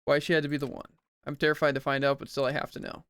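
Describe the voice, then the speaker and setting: A man's voice: on the high side, monotone, racing, fairly bright tone, smooth, no room sound. A man streaming a visual novel, reading every character's dialogue aloud himself and adding jokey asides. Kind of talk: let's play, reading game dialogue aloud.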